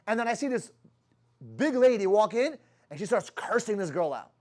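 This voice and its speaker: A man's voice: high voice, sing-song, moderate pace, a little mellow. A man leading his sales team in a motivational talk, blunt and profane, firing rhetorical questions at the room.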